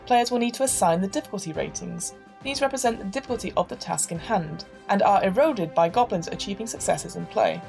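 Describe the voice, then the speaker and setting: A woman narrates a tabletop game session in an even, measured manner. Her voice sits at a middle pitch, and she lays out each rule clearly and step by step. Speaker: game master.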